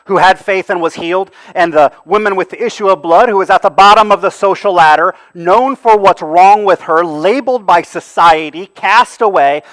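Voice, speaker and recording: A male pastor preaching a sermon, swinging between loud, mocking voices he puts on and hushed, near-whispered lines. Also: a little high, dry recording.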